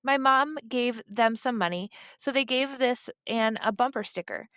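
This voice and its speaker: A woman's voice: a little high, unhurried, fairly bright tone, smooth, dry recording, clean studio sound. A woman voicing a bored, offhand older girl neighbor in a storybook reading.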